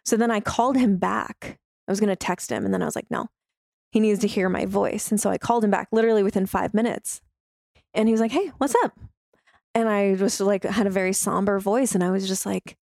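A woman's voice: medium pitch, steady tone, brisk, creaky, a little mellow, no echo, studio quality. A woman telling a heartfelt personal story openly, using many fillers like "like". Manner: heartfelt, open, with fillers like "like" and "you know".

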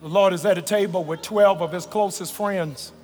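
A man pastor preaching a fervent sermon, stretching and shouting phrases and calling on the congregation to answer. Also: sits high, steady tone, moderate pace. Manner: colloquial, calls on the congregation to respond. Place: large church sanctuary. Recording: reverberant large hall, live church recording.

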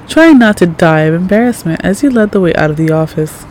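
A woman reading second-person fanfiction aloud in a soft, calm voice that sometimes drops near a whisper. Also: on the low side, fast, few pauses, soft background music. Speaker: fanfic reader.

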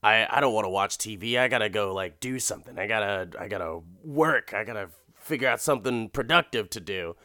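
A man voicing a grumpy, newly retired older man who grumbles gruffly and defensively. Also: on the low side, brisk, hardly any pauses, bright, forceful tone, no echo, studio quality. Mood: grumbling.

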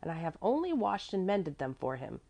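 Earnest, fretful old housekeeper type, emphatic, with lively pitch swings, read by a woman. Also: a little fast, gravelly, heavily acted. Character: fussy, devoted older woman servant.

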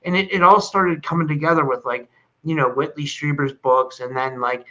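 Rambling man host, bright and lo-fi. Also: fairly high pitch, normal speed. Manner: rambling, stammering, eager. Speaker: podcast host. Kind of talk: conversational interview. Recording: dull, lo-fi audio.

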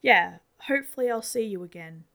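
Woman reader playing a shy, stammering teen boy, slightly gravelly voice. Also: mid-range voice, expressive, brisk, bright, forceful tone. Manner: stammering, nervous. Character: nervous, awkward teenage boy.

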